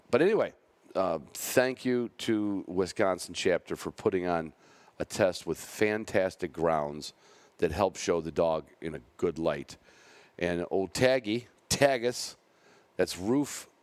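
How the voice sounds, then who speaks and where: A man with a deep, low voice talks casually as a podcast host. He rambles and corrects himself mid-sentence in an easygoing way. The sound is dry and close. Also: no room sound. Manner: rambling, self-correcting, chatty. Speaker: podcast host and bird dog handler.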